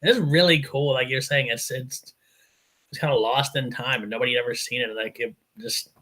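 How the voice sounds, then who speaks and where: A man's voice: medium pitch, steady tone, normal speed, pushed and bright. A man joining a casual show chat, speaking with enthusiasm.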